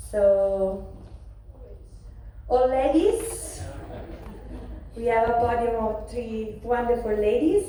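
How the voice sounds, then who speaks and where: A woman presenting a conference award in a formal, measured way, reading out paper titles and author names. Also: a little high, warm tone, a little hiss or hum. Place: large conference hall. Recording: echoey hall from far off.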